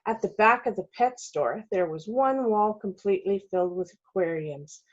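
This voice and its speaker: A woman, a children's author, reading her storybook aloud slowly and carefully. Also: mid-range voice. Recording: dull lo-fi recording.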